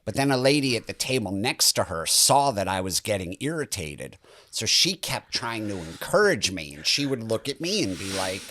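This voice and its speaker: A man's voice: on the low side, big pitch swings, moderate pace, sharp tone. Wry male comic in casual chat. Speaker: podcast co-host and stand-up comic.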